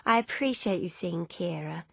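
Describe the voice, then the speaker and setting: Narrator doing a tender, apologetic young woman director; slightly raised, gravelly, close and dry. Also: on the low side, expressive, moderate pace, dry recording, exaggerated voice. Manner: earnest, softly confiding.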